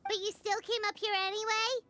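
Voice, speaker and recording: A woman's voice: very high-pitched, flat delivery, fairly quick, over music. A woman voicing a tiny, bubbly fairy companion girl for a game, who talks about herself in the third person. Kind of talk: game voice acting. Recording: noisy game audio capture.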